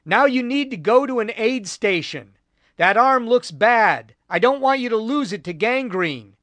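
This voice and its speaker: A man's voice: very high-pitched, animated, unhurried, a bit bright, dry recording, pitched above the performer's own voice, full character voice. A man voicing a Marine captain who gives firm orders to a wounded soldier. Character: Marine captain, steady commanding officer.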